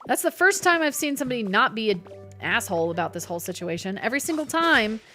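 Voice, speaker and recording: Woman, gaming streamer, high-pitched, chatty and jokey, faint music behind. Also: big pitch swings, quick pace, sharp tone. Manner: chatty, reads chat aloud and answers it, jokey. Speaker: live streamer. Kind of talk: casual gaming stream chat.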